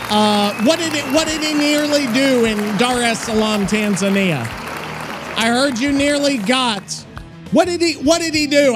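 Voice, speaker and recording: A man co-hosting a gaming podcast, talking loudly and casually, swearing often and rambling with restarts. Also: sits high. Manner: loud, profane, rambling with restarts. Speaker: podcast co-host.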